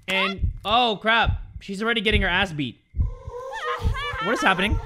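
A young man giving excitable let's play commentary on a game, breaking into shouts and yelps. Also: sits high, moderate pace, slight background noise. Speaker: gaming YouTuber.

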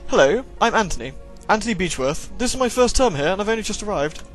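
A man voicing a polite young gentleman with a posh English accent. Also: high-pitched, sing-song, fast, soft background music, pitched above the performer's own voice. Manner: polite, well-spoken.

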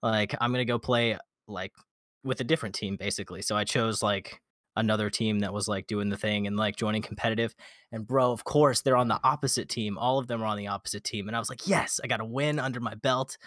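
A man telling a gaming story in a casual podcast chat, animated, swearing often and acting out quotes. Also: fairly low pitch, fast, dry recording, clean studio sound. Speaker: podcast guest.

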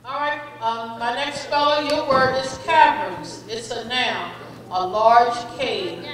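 A high-pitched woman reads out spelling words slowly and patiently as the pronouncer, addressing each young speller as friend. Her voice sounds distant from the mic and rings through a reverberant school hall, with faint background noise. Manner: measured and patient, calls each child friend. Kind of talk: reading words, definitions and sample sentences.

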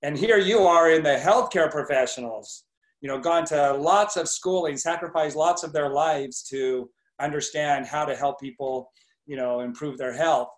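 Man, fairly high voice, upbeat training host on a video call, echoey room. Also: moderate pace. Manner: enthusiastic, encouraging. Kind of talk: motivational business coaching.

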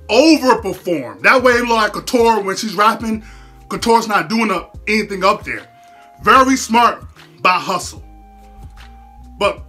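A reaction host talks through a battle rap with a lively, swinging pitch. The voice is bright and forceful, full of slang and frequent laughter. Faint music plays in the background. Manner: animated, laughs a lot, repeats words, heavy slang. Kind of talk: casual reaction commentary.

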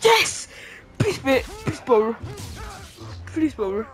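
High, lively woman gaming live. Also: moderate pace, faint music behind. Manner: reactive, pleading and groaning at the game; talks to the enemy, swears now and then. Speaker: gamer streaming a playthrough. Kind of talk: casual gameplay commentary.

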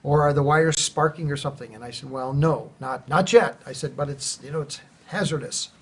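A man, a church planter, telling a personal testimony in a casual, animated way, acting out quoted dialogue. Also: on the high side, a little fast, husky. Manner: conversational, animated retelling with quoted dialogue and restarts. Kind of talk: casual spoken testimony storytelling.

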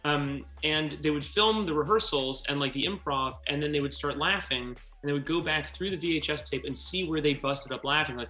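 A man, a filmmaker guest, chatting in an interview, telling stories quickly and acting out quotes. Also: on the high side, roomy sound, faint music behind. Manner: animated, quick storytelling, acts out quotes. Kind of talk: casual interview chat.

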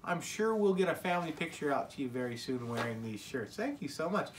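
A woman's voice: low voice, lively intonation, fairly quick, a little hiss or hum. An American woman hosting a casual family unboxing vlog at home, upbeat and exclaiming as she coaxes a child along. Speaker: family vlogger.

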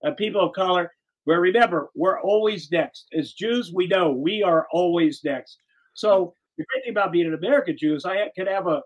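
A man's voice: sits high, low-quality recording. A man hosting a political talk show, chatting in an earnest, rambling way with frequent restarts. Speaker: host.

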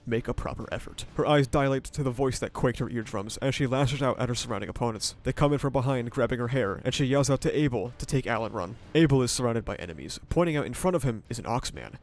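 A man narrating a scripted story summary and analysis in a steady retelling voice. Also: mid-range voice, fast talker, few pauses, soft background music. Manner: steady retelling with brief commentary.

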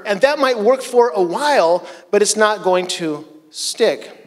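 Male pastor, sermon, high voice, conversational preaching, rhetorical questions, long church reverb. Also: measured pace, few pauses. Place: church sanctuary.

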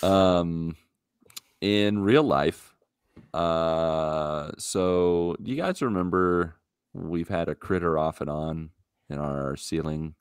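A man co-hosting a casual podcast chat, telling a story in an animated, exasperated way into a podcast mic. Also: low-pitched, slow, clean tone, no echo, clean studio sound. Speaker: podcast co-host.

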